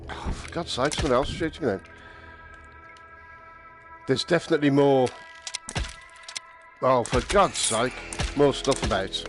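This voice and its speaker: Speaking into a headset mic with game music behind him, this streamer mutters and swears at foes during VR shooter gameplay commentary. He has a mid-range voice, takes his time, and pauses often.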